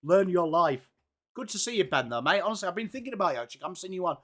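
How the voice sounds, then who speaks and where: A man hosting a live football watchalong, reacting excitedly and chatting with viewers by name. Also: high-pitched, very fast. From England. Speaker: live-stream watchalong host. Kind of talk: live sports reaction and chat.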